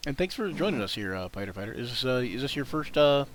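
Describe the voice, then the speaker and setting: A man's voice: medium pitch, big pitch swings, quick pace, a little hiss or hum. A man running a tabletop game as game master on a live stream, casual and rambling, laughing often.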